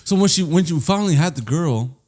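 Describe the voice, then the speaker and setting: A man chiming in on a casual podcast with short, teasing remarks. He talks fast and keeps things light. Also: on the high side, expressive, a little mellow. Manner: quick teasing interjections. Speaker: podcast co-host. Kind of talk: casual chat.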